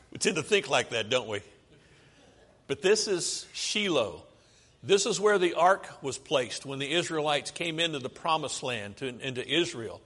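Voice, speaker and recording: Very animated yet slow, with long pauses, an American man preaches in a fairly high, fairly bright voice with a breathy edge. He talks through slides conversationally and asks the audience questions, and long hall reverb colors the sound.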